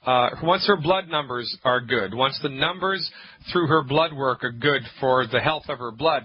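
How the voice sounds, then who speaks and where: A man's voice: medium pitch, normal speed, husky. A man hosting a call-in health radio show as a naturopath, emphatic and jokey, on a dull lo-fi broadcast. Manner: emphatic, jokey, rants with mock-angry acted quotes.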